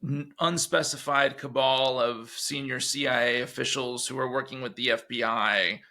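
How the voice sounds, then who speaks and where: A man speaking as an interview guest in casual chat, halting and restarting his phrases often. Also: medium pitch, steady tone, bright, forceful tone. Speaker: guest, author.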